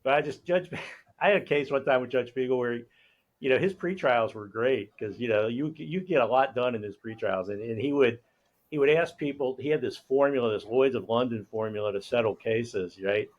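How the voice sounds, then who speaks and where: A middle-aged man hosts a casual chat and tells lively, anecdotal stories. He talks at an everyday male pitch with an easy, conversational flow. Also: moderate pace, highs cut off. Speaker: host.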